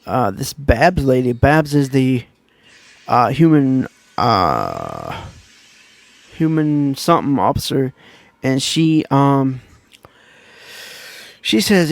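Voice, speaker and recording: A man's voice: mid-range voice, big pitch swings, slow pace, gravelly, no echo. A man giving a casual book review, retelling the plot in a rambling, loose and conversational way.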